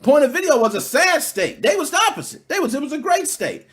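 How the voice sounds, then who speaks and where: Man, gaming podcast host, rants then mutters, swears, AAVE speech, high voice, swooping pitch. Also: fairly quick. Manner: animated, ranting, swears freely, swings from loud to muttering. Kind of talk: solo gaming podcast rant.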